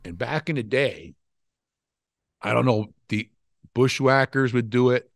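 A man's voice: medium pitch, measured pace, gravelly, no room sound, clean studio sound. An older man telling rambling, profane stories from his wrestling days in a casual interview. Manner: profane, rambling, animated storytelling. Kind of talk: casual storytelling.

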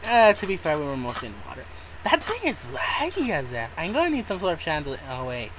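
A gamer giving casual let's-play commentary, excitable, laughing often and swearing when surprised. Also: medium pitch, fast talker, background noise. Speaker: gamer playing a modded survival game.

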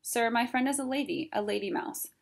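A woman's voice: on the high side, a little fast, gravelly, voice pushed up. A woman voicing a polite, helpful male crow in a storybook read-aloud, earnest in manner.

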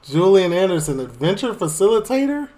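Animated young Chicago man reacting. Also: high voice, fairly quick, a little hiss or hum. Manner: joking, repeats and mimics lines from the clip. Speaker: reaction video host. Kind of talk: casual reaction commentary.

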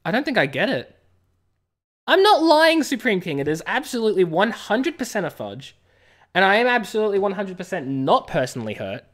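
A woman's voice: medium pitch, very animated, fairly quick. An Australian woman streaming a game and chatting playfully with viewers, often laughing. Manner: playful, laughing, teasing the chat. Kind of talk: casual live-stream chat.

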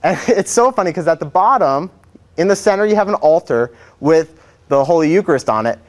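A man's voice: on the high side, animated, brisk. A young man, a seminarian, teaching an adult faith class in a chatty, joking way, acting out quotes. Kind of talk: informal classroom lecture. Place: church classroom.

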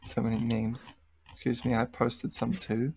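A man's voice: medium pitch, completely flat delivery, moderate pace, darkish tone, breathy edge. A young man hosting a casual podcast chat, laid-back, swearing casually and trailing off mid-sentence. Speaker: podcast host.

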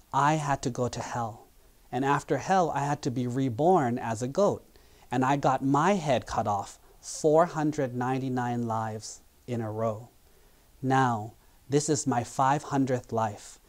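A monk giving his voice to a wise old goat who talks slowly and gently, full of compassion. The voice sits in an ordinary middle pitch, unhurried and soft, like a storybook parable told aloud. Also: close to an everyday voice.

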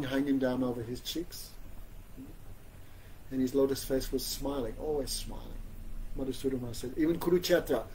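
A man giving an informal religious class, conversational and gently humorous, often asking his listeners "you know?". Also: medium pitch, slight background noise, low-quality recording. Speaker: spiritual teacher giving a class.

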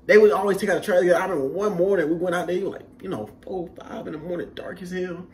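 A man's voice: sits high, very fast. A young man telling barracks stories in casual chat, acting out the voices and laughing as he goes. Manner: animated storyteller, acts out quotes, laughs often. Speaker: vlog host.

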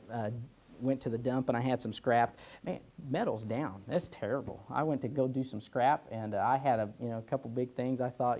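A young man in his twenties preaching in an easygoing, conversational way, with a voice of ordinary middle pitch. He drifts into stories from his own life and keeps tossing in "amen" and "you know" between points. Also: warm tone. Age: 20s. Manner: chatty, tells personal stories, peppers lines with "amen" and "you know". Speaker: pastor teaching Sunday school. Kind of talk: informal Sunday school preaching.

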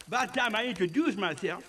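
An actor playing a friendly, chatty male Cajun firefly guide in a school musical, with a Cajun accent and a lively folksy drawl. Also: high-pitched, a little fast, noisy background. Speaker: stage actor. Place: school stage.

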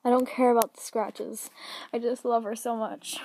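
A young woman vlogging an unboxing, gushing and gasping, often dropping to an excited whisper. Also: fairly high pitch, normal speed, a little hiss or hum.

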